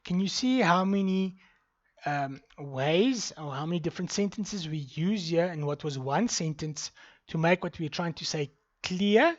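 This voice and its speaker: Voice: mid-range voice, lively intonation, unhurried, muffled recording. A university lecturer gives a recorded online lecture. The lecturer explains step by step, reads punctuation marks aloud, and moves between Afrikaans and English.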